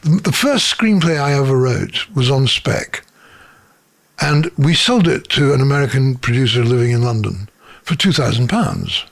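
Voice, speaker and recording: A man's voice: medium pitch, animated, moderate pace, gravelly. An older man, a screenwriter, tells anecdotes in an interview in his office. He chuckles as he talks and acts out the voices of people in his stories. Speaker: screenwriter and producer.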